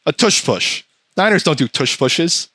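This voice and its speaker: A man's voice: fairly high pitch, expressive, measured pace, sharp tone, slightly rough, no room sound. A man hosting a podcast, ranting profanely in casual chat and slipping into mocking voices. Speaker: podcast host.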